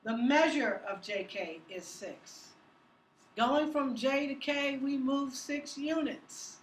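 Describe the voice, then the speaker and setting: A woman's voice: high-pitched, slow pace, slight background noise. A woman teaching math to a class, upbeat and teasing, asking students questions as she works through problems. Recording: echoey classroom from far off.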